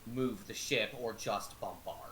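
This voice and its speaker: A man's voice: fairly low pitch, unhurried, fairly bright tone, slight background noise. A man at a tabletop game, checking rules and talking in short, clipped lines. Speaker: player. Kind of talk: tabletop play in character.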